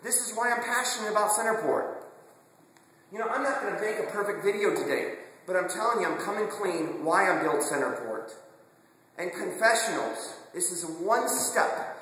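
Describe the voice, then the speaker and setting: A man's voice: high voice, lively intonation, normal speed, sharp tone, a little hiss or hum. A man speaking earnestly and with passion in a personal confessional monologue, often repeating words as he restarts his sentences. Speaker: video blogger. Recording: very echoey room with long reverb.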